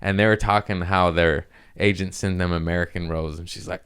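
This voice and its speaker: A man's voice: deep voice, steady tone, fairly quick, few pauses, fairly bright tone, clear, resonant tone. A young man hosting a podcast, telling a rambling, profane story and laughing at his own jokes. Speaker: podcast host. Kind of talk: casual storytelling monologue.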